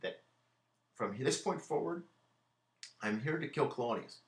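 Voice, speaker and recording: A man's voice: mid-range voice, animated, measured pace, reverberant. A man giving a casual literature lecture, retelling a play in everyday slang with many repeated words. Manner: casual, conversational, repeats words, paraphrases lines in modern slang. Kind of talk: classroom lecture. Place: lecture room.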